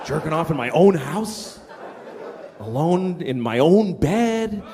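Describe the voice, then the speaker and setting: A man doing stand-up, candid and crude, stumbling over starts and landing loud punchlines. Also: a little high, big pitch swings, slow pace, long reverb tail, background noise. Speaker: stand-up comedian. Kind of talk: stand-up set.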